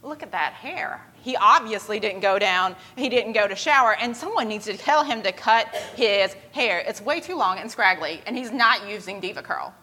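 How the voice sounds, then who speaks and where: A woman's voice: mid-range voice, lively intonation, normal speed, few pauses, bright, forceful tone, a little hiss or hum. A woman voicing a grumpy, judgmental male corporate lawyer in a church skit. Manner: sniffy, judgmental.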